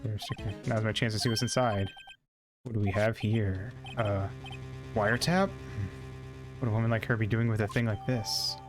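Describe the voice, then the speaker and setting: Male streamer, casual joking commentary, lowish voice, game music behind. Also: moderate pace. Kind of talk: casual gameplay commentary, reading dialogue aloud.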